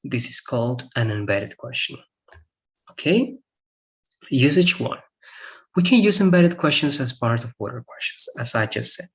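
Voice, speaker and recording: A man's voice: mid-range voice, expressive, moderate pace, long pauses, fairly bright tone. A male English teacher whose first language is Spanish, explaining grammar step by step and often checking in with "right?". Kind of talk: online grammar lesson.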